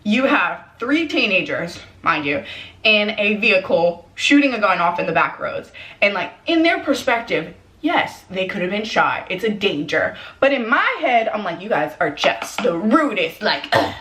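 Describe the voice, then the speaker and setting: A young woman telling a personal story in a casual, animated way, slipping into quick voices for the people she quotes. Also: mid-range voice. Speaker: vlogger. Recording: echoey room.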